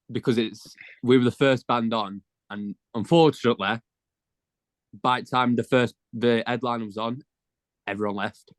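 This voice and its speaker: A man's voice: medium pitch, fairly even intonation, unhurried, pauses often, no echo. A teenage man, a band member telling stories in slangy, casual chat. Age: teens. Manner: chatty storyteller, slangy.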